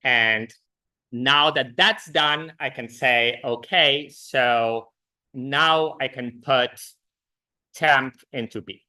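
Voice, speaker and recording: Speaking very slowly in a medium pitch, a man lectures a university programming class. He's relaxed in the lecture hall, with plenty of "uh"s and restarts throughout.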